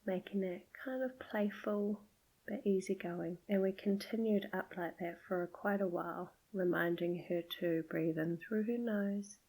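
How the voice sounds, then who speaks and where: A middle-aged woman hosting a podcast, gently telling a personal story in a soft, often half-whispered voice. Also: medium pitch, fairly even intonation, a little slow, low-quality recording. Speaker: podcast host.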